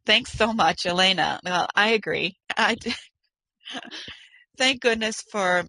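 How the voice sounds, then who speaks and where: A woman's voice: mid-range voice, slow pace, creaky, pushed and bright, no echo, rough recording. A woman co-hosting a fan podcast, reading a listener letter and joking playfully with lots of laughter. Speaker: podcast co-host. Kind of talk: casual chat, reading listener mail.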